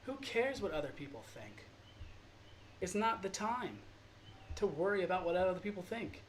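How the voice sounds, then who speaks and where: An earnest male art teacher talks his way through a drawing lesson, rambling and getting emotional as he goes. His voice sits a little high for a man. Faint noise hums behind him. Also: sing-song, moderate pace. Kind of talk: informal drawing lesson monologue.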